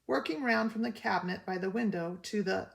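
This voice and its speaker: A woman's voice: mid-range voice, brisk, gravelly. An older woman voicing a tired, plain-spoken father in a storybook, with folksy, ungrammatical speech. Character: weary old-fashioned father, small man.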